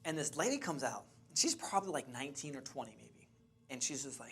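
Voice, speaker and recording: A man in a training session, telling animated stories about finding property to a class. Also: medium pitch, fast talker. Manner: animated, chatty, restarts and laughs. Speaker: real estate investing trainer. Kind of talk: lively storytelling to a class.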